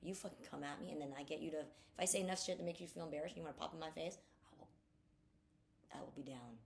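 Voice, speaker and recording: Woman co-host, quick and fiery, low gravelly voice, swears freely. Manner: blunt, profane, fired-up. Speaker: podcast co-host. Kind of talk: casual chat.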